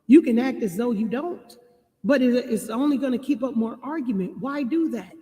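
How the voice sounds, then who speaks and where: A woman giving relationship advice to her viewers, reading passages and repeating key lines slowly for emphasis. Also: on the high side, lively intonation, warm tone, in a large hall. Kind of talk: reading and commenting on a marriage book.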